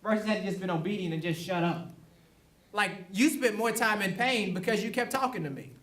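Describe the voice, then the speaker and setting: A man's voice: high-pitched, a little fast, a bit bright. A male pastor preaching a sermon in a conversational way, laughing now and then and acting out quotes. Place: church sanctuary. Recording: echoey room, mic at a distance.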